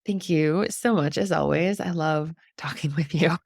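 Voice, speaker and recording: A middle-aged woman hosting a podcast, talking in a soft, reflective way in short, trailing phrases. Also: low-pitched, a little slow, creaky, no echo, clean studio sound. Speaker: podcast host. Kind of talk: reflective casual conversation.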